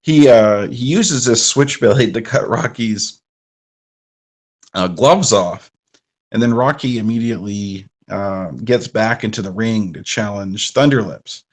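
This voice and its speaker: A man co-hosting a live podcast, retelling film scenes in a relaxed, conversational way. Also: fairly low pitch, a little slow. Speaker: podcast co-host.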